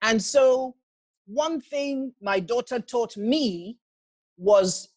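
A man in his forties speaks gently and earnestly as he introduces a poem on an online call. He sounds reflective and unhurried. The sound is dry and close. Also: very high-pitched, no echo. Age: 40s. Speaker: priest and poet. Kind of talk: casual introduction before a reading.

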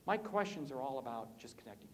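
A man giving an energetic conference keynote on sales, joking with the audience and swinging his voice up and down for effect. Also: fast talker, a little hiss or hum. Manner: animated, swoops pitch up and down, jokes with audience. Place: conference hall.

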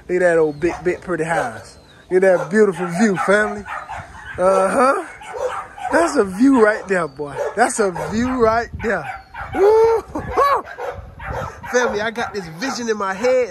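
A man running his dog kennel vlog outdoors, hyped and talking straight to his viewers as family, filmed on a phone. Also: sits high. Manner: hyped, shouting out to viewers, calls them family. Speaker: dog breeder vlogger. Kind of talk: casual vlog talk. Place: outdoors at a kennel yard and house. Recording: loud background noise, dogs barking.

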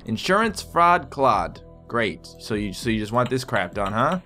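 Gaming host, male, excitable and sweary, forceful bright tone, faint music behind. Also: medium pitch, a little slow. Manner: excitable, swears, yells at the patients. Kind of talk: let's play commentary.

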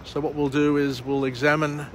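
Australian male vlog host, walk-and-talk, higher voice, flat delivery, faint street noise. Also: normal speed. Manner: chatty, rambling with fillers and restarts. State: muffled by a face mask. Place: outdoors by an urban harbour, walking.

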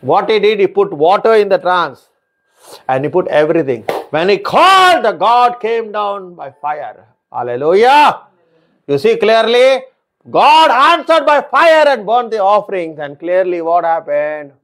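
A man's voice: high-pitched, sing-song, measured pace, a bit bright. A man preaching a sermon, emphatic and repetitive, with frequent hallelujahs and non-native English phrasing.

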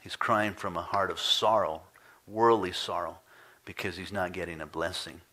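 A man preaching a sermon as pastor, reading scripture dramatically, rising into pleading cries and dropping to quiet emphasis. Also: low-pitched, fairly even intonation, moderate pace. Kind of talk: expository sermon. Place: church sanctuary.

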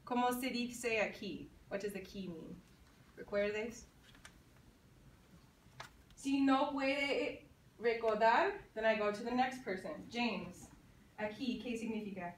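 A woman teaching a high school Spanish class, saying phrases for the students to repeat and then translating them. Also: normal speed, slight background noise. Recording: echoey classroom from far off.

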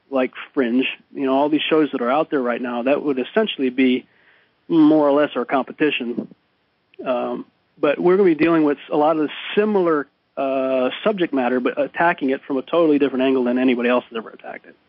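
A man's voice: medium pitch, no room sound. A man talking animatedly as a guest on a radio call-in show. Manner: animated, restarts and laughs often. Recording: muffled dry radio broadcast.

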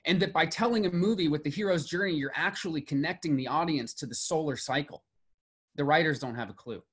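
A man's voice: on the high side, fairly quick, fairly bright tone, breathy edge. A middle-aged man giving a classroom lecture on myth and story, building emphasis on key lists. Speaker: mythology lecturer.

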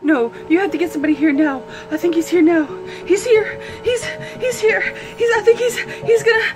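Woman acting as a scared caller, high voice, panicky, stammering, loud music behind. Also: expressive, unhurried. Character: frightened woman calling police dispatch.

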